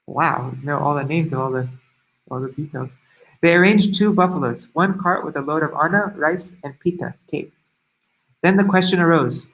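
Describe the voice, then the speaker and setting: A man reading a devotional story aloud, in a measured storytelling manner with brief asides. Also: fairly high pitch, a bit bright, rough recording. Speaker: reader of devotional stories.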